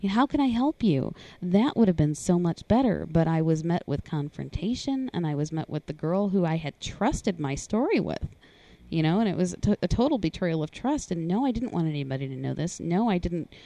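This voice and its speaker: A woman telling a hard personal story in a conversation, earnest and halting. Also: expressive, warm tone, no room sound. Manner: earnest, halting, rises in pitch when voicing others. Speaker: guest sharing personal story.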